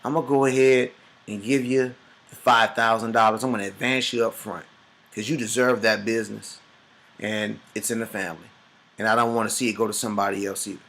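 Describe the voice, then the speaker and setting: A man voicing a mother who speaks low and hushed as she coaxes her son to take money. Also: flat delivery, brisk. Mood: coaxing.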